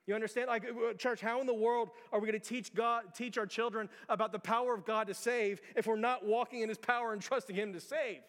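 A man's voice: high-pitched, fairly even intonation, brisk, few pauses, fairly bright tone, in a large hall. A man preaching a sermon as pastor, earnest and driving, stacking one rhetorical question on another.

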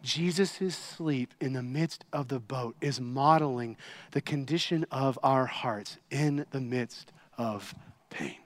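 A man preaching a sermon, impassioned, swinging between loud pleading and hushed quiet. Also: mid-range voice, slow pace.

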